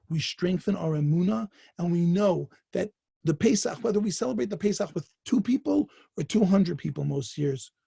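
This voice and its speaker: A rabbi gives a Torah lesson in a husky, gravelly voice with a dark, mellow tone. He tells the story at an even pace and then leans in with fervent emphasis. The sound is close and dry. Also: high-pitched, dry recording.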